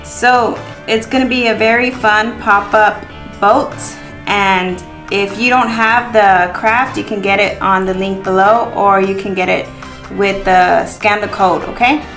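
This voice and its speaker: A woman walks children through a paper craft in a friendly, clear voice, pacing her instructions so they can follow. Her voice sits in a middle range and rings in a noticeably echoey room. Soft music plays faintly behind her. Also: medium pitch, fairly even intonation, measured pace. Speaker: craft teacher on a kids' show.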